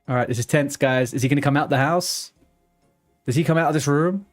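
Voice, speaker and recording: A man's voice: mid-range voice, steady tone, quick pace, soft background music. A man streaming a game live, talking to himself and his viewers as he plays, with frequent swearing. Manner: mutters to himself, swears when frustrated. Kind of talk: live gameplay commentary.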